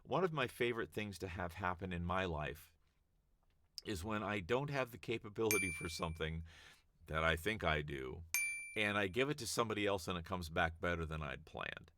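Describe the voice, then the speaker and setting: A man's voice: deep voice, expressive, normal speed, a bit bright, slight background noise. A man who works as a voice actor, talking casually and emphatically about how scripts should sound. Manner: conversational, emphatic, demonstrates readings. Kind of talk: casual advice talk to camera.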